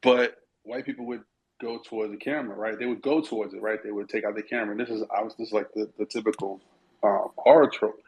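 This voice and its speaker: Man, podcast co-host, casual chat, relaxed, slangy, swears. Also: on the low side, fast talker, low-quality recording.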